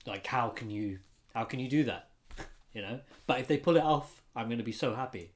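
A man's voice: medium pitch, fairly quick. A man co-hosting a podcast, chatting casually and hesitantly, often stammering. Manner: hesitant, stammers and uses fillers. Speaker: podcast co-host. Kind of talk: casual chat.

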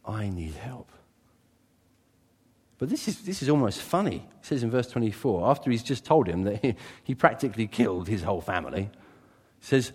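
A man preaching a sermon as a pastor, animated, swinging from loud exclamations to quiet asides. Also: fairly low pitch, normal speed, husky. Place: church. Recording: reverberant church hall.

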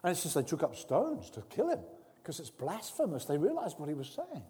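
A man with a high voice preaches earnestly, his words ringing out with a long reverb in a large hall. He moves between hushed, close tones and loud, emphatic bursts. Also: wildly swooping pitch, brisk. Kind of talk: sermon.

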